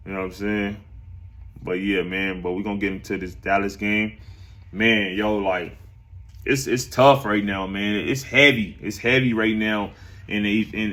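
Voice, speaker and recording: A man hosting a laid-back sports talk stream at a medium pitch, not high and not low. He speaks loosely and rambles, circles back on his own phrases and keeps addressing the viewers directly. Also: a bit bright. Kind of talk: casual sports talk, reading chat.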